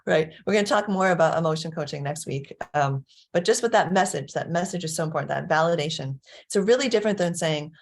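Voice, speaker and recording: Low-voiced woman coaching parents. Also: fast talker, hardly any pauses. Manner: chatty, laughs often, checks in with "right?". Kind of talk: casual teaching talk.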